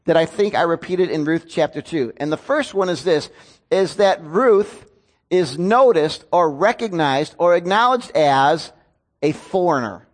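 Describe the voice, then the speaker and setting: A man's voice: fairly high pitch, expressive, a little slow. A male pastor preaching a casual sermon to a congregation, chatty, with joking asides and acted-out quotes. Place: church before a congregation.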